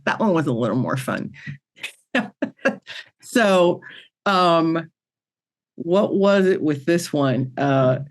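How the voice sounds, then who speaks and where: A woman's voice: sits low, animated, slow. A woman who works as a spiritual medium, telling a personal story as a guest in an interview in a chatty, earnest way with many fillers and restarts.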